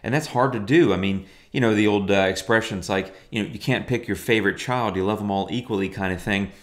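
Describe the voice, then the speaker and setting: A man's voice: on the low side, brisk. A middle-aged man teaching photo editing in a chatty, enthusiastic way, full of fillers. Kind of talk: casual software tutorial.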